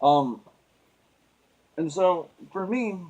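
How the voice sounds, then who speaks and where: A man's voice: high-pitched, lively intonation, very slow, darkish tone, muffled recording, a little hiss or hum. A man venting in a casual monologue, rambling and earnest, often restarting his sentences. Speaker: vlogger.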